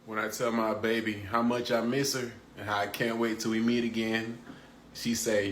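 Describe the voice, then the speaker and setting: A man's voice: on the low side, flat delivery, normal speed, a bit bright, reverberant, slight background noise. A man chatting casually and with amusement, laughing at himself as he tries out phrases. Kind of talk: casual chat.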